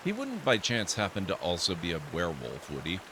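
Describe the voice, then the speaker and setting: A man's voice: sits low, huge pitch swings, a little fast, noisy background. A man streaming a role-playing game, reading its narration aloud and adding dry asides. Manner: reads narration aloud steadily, then reacts with dry asides. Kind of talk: reading game text and casual commentary. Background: game music.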